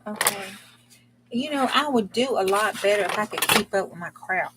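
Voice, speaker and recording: A woman's voice: mid-range voice, lively intonation, normal speed, heavy background noise. A woman chatting bluntly and casually while she crafts on her channel, cursing mildly as she works. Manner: folksy, blunt, mild cursing, talks while working. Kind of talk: casual crafting livestream chat.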